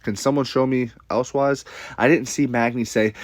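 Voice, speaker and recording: A man's voice: mid-range voice, brisk, no room sound, clean studio sound. A man ranting casually to camera with a blunt, profane, rambling manner, repeating himself. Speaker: commentator.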